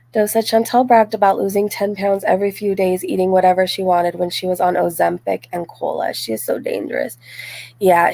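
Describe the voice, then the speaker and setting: A woman in her forties chats her way through viewer comments on a live stream, mid-pitched with a gravelly, fry-touched voice. She talks loosely, full of "like" and "um". The sound is close and dry, with no room around it. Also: a little mellow, dry recording. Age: 40s. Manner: chatty, frequent "like" and "um", laughs easily. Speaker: live-stream host reading chat. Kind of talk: casual live-stream chat.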